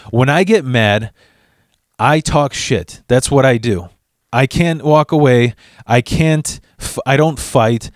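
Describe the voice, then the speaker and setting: A man's voice: mid-range voice, dry recording, clean studio sound. A young man telling a storytime rant to camera, swearing heavily and stumbling over restarts as he acts out what others said. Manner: profane and animated, acting out quotes; restless stammers and restarts. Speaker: vlogger.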